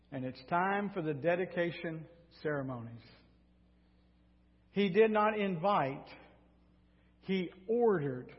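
A male pastor preaching a sermon, retelling a story in a lively way with sarcastic asides. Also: on the high side. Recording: dull sound in a reverberant hall.

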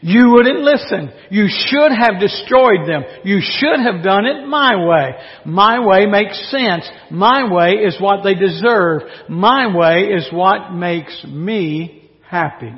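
A man's voice: high voice, animated, slow pace. A man voicing a sulking, self-righteous male prophet who insists he is right, recorded dull in a reverberant hall. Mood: indignant.

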